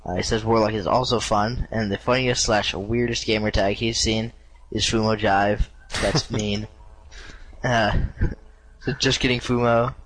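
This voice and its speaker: A man co-hosting a casual gaming podcast, reading a listener entry haltingly with many pauses. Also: lowish voice, fairly even intonation, fairly bright tone, slight background noise, poor audio. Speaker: podcast co-host.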